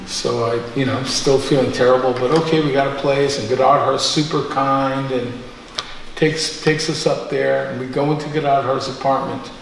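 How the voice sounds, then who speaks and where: A man in his sixties tells self-deprecating personal stories to a live group, animated and laughing often. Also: mid-range voice. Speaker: storyteller guest. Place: community center room. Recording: echoey room, mic far off, faint noise.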